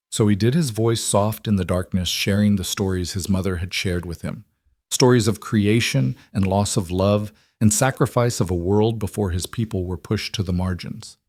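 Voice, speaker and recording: A man reading a western story in calm scripted narration. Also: on the low side, moderate pace, dry recording, studio quality.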